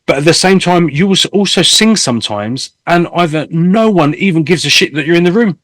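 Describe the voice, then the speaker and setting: A man in his fifties, a singer hosting a casual interview, talking candidly and telling stories with animated swearing. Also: on the high side, a little fast, no echo. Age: 50s. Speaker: host and singer.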